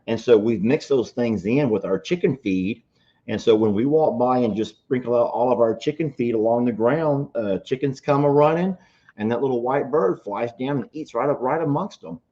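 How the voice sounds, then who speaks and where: A man's voice: medium pitch, moderate pace, dark tone. A man, co-hosting a farm sanctuary show in casual, joking chat. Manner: folksy storyteller, joking. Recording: dull lo-fi sound.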